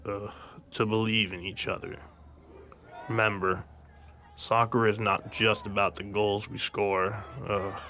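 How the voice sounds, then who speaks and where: A man playing an uninspiring soccer coach who gives a halting, monotone pep talk full of fillers. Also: on the low side, a little hiss or hum, full character voice.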